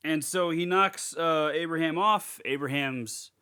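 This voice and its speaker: A man's voice: fairly high pitch, unhurried, bright, forceful tone, clear, resonant tone. A young man recapping a movie in casual podcast chat, rambling with lots of fillers and swearing freely. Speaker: podcast co-host.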